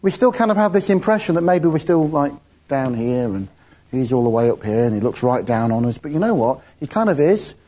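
A man's voice: medium pitch, big pitch swings, brisk, mellow. A man giving an informal, chatty sermon, often laughing between his points. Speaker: preacher.

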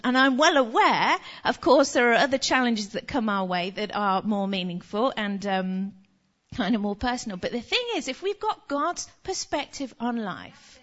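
A woman's voice: fairly high pitch, fairly bright tone, highs cut off. A woman with an English accent giving a conversational sermon, telling a chatty anecdote before reading scripture. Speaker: preacher.

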